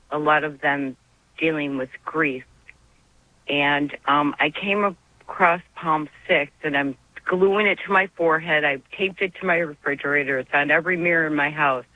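A woman's voice: deep voice, dry recording. Woman caller, earnest and emotional, devout, muffled dull phone line, dry sound. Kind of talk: call-in radio conversation.

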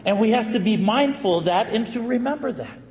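A man, a Catholic priest, telling a story in a sermon with a lively, conversational manner and emphatic bursts. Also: high voice, fairly quick. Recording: echoey hall, faint ambience.

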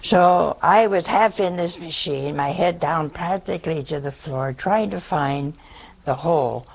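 A woman's voice: low voice, unhurried, poor audio. An older woman, a nun, telling a funny personal story to an audience in a folksy, self-mocking way. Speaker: nun, head of a religious community.

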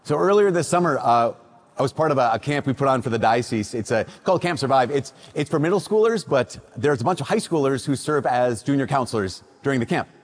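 A man's voice: medium pitch, fast. A man from Minnesota, a priest, reading the Gospel and preaching a casual, conversational homily in a church. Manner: conversational storytelling with lively quoted voices. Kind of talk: sermon. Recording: long church reverb.

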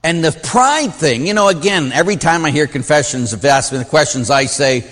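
A middle-aged man, a Catholic priest, teaching a class in an informal, animated way and acting out the voices he quotes. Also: on the high side, a little fast, in a large hall.

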